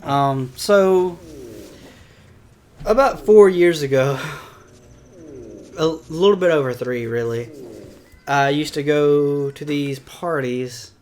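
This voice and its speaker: A man's voice: on the high side, takes it slowly, pauses often, a little mellow. Hesitant man telling a sheepish story. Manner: hesitant, many ums and restarts, sheepish. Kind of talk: casual storytelling chat.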